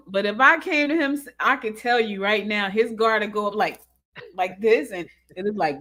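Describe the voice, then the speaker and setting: A woman's voice: mid-range voice, moderate pace. A woman hosting a talk show, chatting casually and telling stories with lots of laughter. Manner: laughing, animated storytelling. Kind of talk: casual chat.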